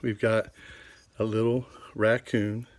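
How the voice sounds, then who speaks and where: A man's voice: lowish voice, level tone, takes it slowly. Older male teacher; upbeat, jokey kid-friendly delivery, recorded in a home office on a handheld camera. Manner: cheerful, corny jokes, speaks to kids. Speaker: children's Bible class teacher. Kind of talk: children's show talk.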